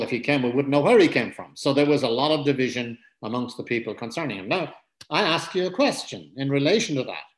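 A man teaching a Bible passage as a sermon, earnest and conversational, repeating his key points and adding asides. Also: medium pitch. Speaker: preacher. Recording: roomy echo.

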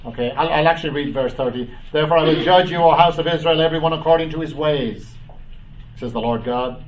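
A man preaching a Bible study, reading scripture aloud and commenting, with frequent "uh" and "um" pauses. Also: fairly high pitch, far from the mic, slight background noise, poor audio. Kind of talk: bible teaching.

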